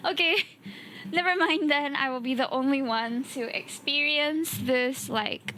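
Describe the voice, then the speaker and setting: High-voiced, chatty Singaporean woman streamer. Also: unhurried, sharp tone, a little hiss or hum. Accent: Singaporean English. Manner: chatty, exclaims often, laughs easily. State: a bit tired. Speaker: VTuber streamer. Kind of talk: casual live stream chat.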